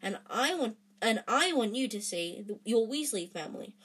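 A woman doing Harry, a hushed, eager young boy. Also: a little high, expressive, normal speed, slightly rough. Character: young boy wizard, earnest and longing.

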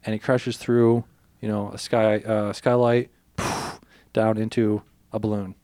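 There's no room sound as this man, co-hosting a podcast, talks in an unhurried, fairly low voice. He gives a detailed, casual retelling of a film's plot, performing the characters' lines with lots of swearing, an animated storyteller throughout.

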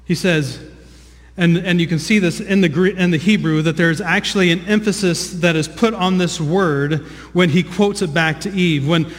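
A male pastor delivering a sermon in an earnest, teaching manner, stumbling into repeated words as he works through his point. His voice sits high for a man. The sound carries a long reverb, as in a large hall. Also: moderate pace. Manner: earnest teaching, frequent word repeats, asks the congregation questions.

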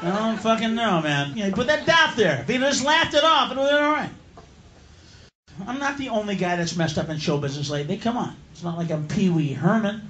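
A man doing a profane, rowdy live stand-up routine, yelling his punchlines. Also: sits high, a little hiss or hum. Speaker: stand-up comedian. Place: comedy club stage. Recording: echoey live club, loud crowd.

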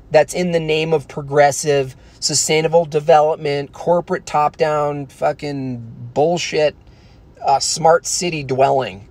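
A man rants casually to his viewers, rambling, swearing and hammering his points. His voice sits on the higher side for a man. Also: a little mellow. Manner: profane, rambling, emphatic. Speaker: vlogger. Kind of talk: casual ranting monologue.

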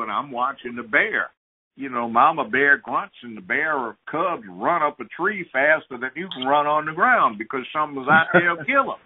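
A judge, interviewed as a guest, shares stories and advice in a forceful, lecturing style. His medium-pitched voice is slightly rough, and the sound has a thin, telephone-like quality.

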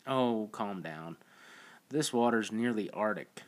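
A man's voice: on the low side, lively intonation, takes it slowly. A male narrator voicing a goofy, brash young cowboy in an audiobook, with a loose, joking delivery. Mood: nonchalant.

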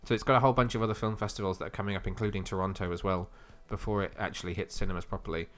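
A man's voice: fairly low pitch, fairly even intonation, racing, a bit bright. A man co-hosting a casual comic book podcast, chatty and teasing, often laughing. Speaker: podcast co-host.

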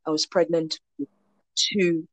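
A woman's voice: low-pitched, a little slow, dry recording. A woman in her forties from Nigeria, telling her faith testimony as a guest and acting out the voices of the people in it. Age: 40s. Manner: animated storyteller, acts out quoted voices.

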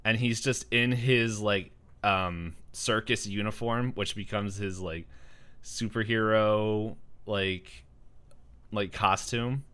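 A man chatting casually who tells a story with animation, acting out scenes in quick voices and laughing often. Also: on the low side, steady tone, fairly bright tone, smooth. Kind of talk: casual chat.

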